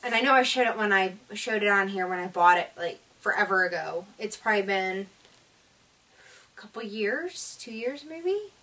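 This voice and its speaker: Far from the mic, this knitting podcast host talks at a moderate pace in an animated, medium-pitched voice with a sharp tone. She's chatty and eager but worn out, yawning and rambling through lots of fillers.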